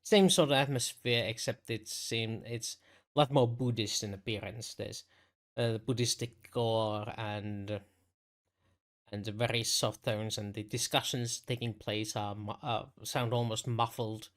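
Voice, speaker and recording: A man's voice: on the low side, fairly even intonation, a little slow. A man narrates a tabletop role-playing game as the game master. He stops and restarts often, fills gaps with ums and uhs, and laughs easily with his players. The sound suggests a mic at home on a voice call. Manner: hesitant, filler-heavy, laughs often.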